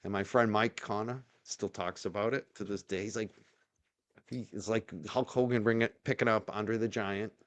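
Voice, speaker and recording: A man's voice: on the low side, fairly even intonation, normal speed, a bit bright. A middle-aged man with a North Shore Boston accent, hosting a live chat and talking in a rambling, chatty way with many restarts. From North Shore, Massachusetts. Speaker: host of a live news chat. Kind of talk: casual live-stream chat.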